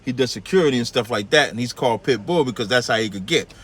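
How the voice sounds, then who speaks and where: A man's voice: fast, husky. A man with a New York accent hosting a call-in radio show, telling a long story in casual talk and acting out the people in it. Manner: animated, acts out quoted people in a much higher voice.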